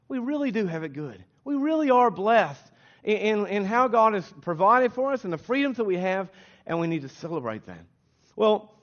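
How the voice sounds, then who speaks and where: A man's voice: high voice, muffled recording. An American man preaching a sermon in a casual, conversational way, often restarting phrases and using fillers. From United States. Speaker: pastor.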